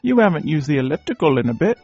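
A woman's voice: deep voice, sing-song, quick pace, dark tone, breathy edge, full character voice. A woman doing a cheeky coaxing husband. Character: cheeky middle-aged husband, wheedling. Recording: dull lo-fi with faint music.

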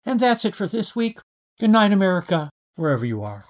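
A man narrating a short story in a gentle, unhurried late-night style. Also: sits high, big pitch swings. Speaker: storyteller in a weekly flash fiction podcast.

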